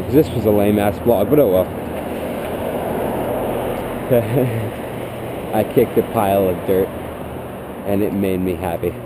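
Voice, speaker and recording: Teen dude rambling sarcastically on a night walk, head cam, lots of outdoor noise. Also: male voice, fairly low pitch. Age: teens. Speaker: vlogger. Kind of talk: casual vlog monologue. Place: outdoors at night, suburban streets. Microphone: head-mounted action camera. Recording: noisy outdoor action-cam audio.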